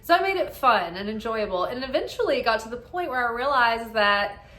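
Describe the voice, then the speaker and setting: A woman's voice: fairly high pitch, lively intonation, brisk, sharp tone, reverberant. A woman giving casual spiritual guidance as an oracle card reader, chatty and upbeat, often tagging "right?" onto her thoughts.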